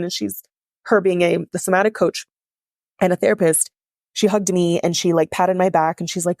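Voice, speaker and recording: A woman's voice: lowish voice, fairly even intonation, brisk, darkish tone, dry recording, studio quality. A woman podcast host telling a personal story in a candid, confessional way, with lots of "like" in her speech. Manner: candid, confessional, heavy use of "like".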